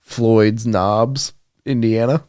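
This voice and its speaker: A man co-hosting a podcast in casual chat, laid-back and quick to laugh along. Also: fairly low pitch, fairly even intonation, a little mellow, dry recording, studio quality. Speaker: podcast co-host.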